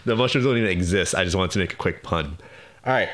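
A young man co-hosting a podcast in casual chat, playful and quick to pun and laugh. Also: sits low, a bit bright, a little hiss or hum. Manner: playful, punning, laughs often. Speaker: podcast co-host.

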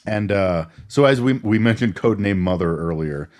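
A man co-hosting a casual movie podcast, rambling through the plot with laughs and quick character impressions. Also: fairly low pitch, lively intonation, a little mellow. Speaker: podcast co-host. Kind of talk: casual movie recap chat.

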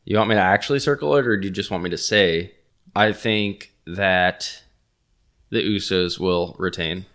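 A man's voice: low-pitched, moderate pace, a bit bright. A man co-hosting a wrestling podcast in casual chat, hesitant and often restarting his sentences. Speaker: podcast co-host.

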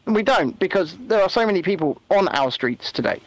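A man chatting casually as a podcast co-host, animated and given to mocking voices. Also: high-pitched, fairly quick, no room sound. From England. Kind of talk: casual political chat.

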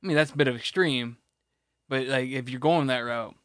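A man's voice: medium pitch, fairly quick, fairly bright tone, no echo, clean studio sound. A man ranting on a podcast, rambling with many restarts and plenty of swearing. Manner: rambling, restarts a lot, profane rant. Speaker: podcast co-host. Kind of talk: casual ranting chat.

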